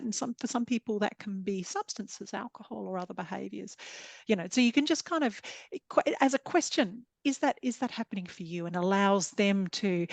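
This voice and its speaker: A woman GP speaks on a video-call webinar panel, earnest and explanatory as she works through examples. Her voice sits at an ordinary pitch. It sounds dry, with no room echo. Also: darkish tone. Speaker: general practitioner.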